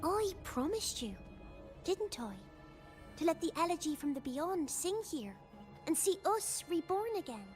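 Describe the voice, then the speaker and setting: An eerie high childlike girl. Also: big pitch swings, unhurried, over music, exaggerated voice.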